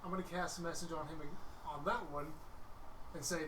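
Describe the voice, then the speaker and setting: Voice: medium pitch, fairly even intonation, a little fast. A player in a tabletop game, scheming casually. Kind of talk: casual play. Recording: echoey room, mic far off, noisy.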